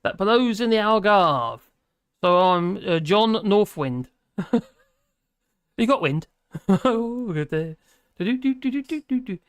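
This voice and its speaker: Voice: medium pitch, lively intonation, slow pace, pauses often, clean tone, no echo. A host with a British accent chatting casually on a live stream, reading out viewer comments and humming between them. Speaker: livestream host.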